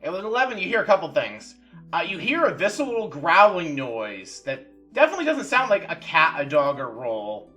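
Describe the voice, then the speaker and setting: A man narrating as game master of a tabletop role-playing game, animated and descriptive, with soft music underneath. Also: a little high, brisk.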